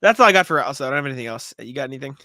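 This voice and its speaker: A man's voice: mid-range voice, rapid-fire, dry recording, clean studio sound. A man co-hosting a podcast in casual chat, telling stories with plenty of swearing. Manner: profane, animated storytelling. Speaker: podcast co-host.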